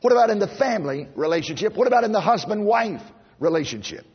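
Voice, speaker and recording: Middle-aged male preacher, very husky raised voice, emphatic sermon delivery, long church reverb, dull lo-fi recording. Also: high-pitched, lively intonation, quick pace. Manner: emphatic, repeats phrases, swings between loud and hushed.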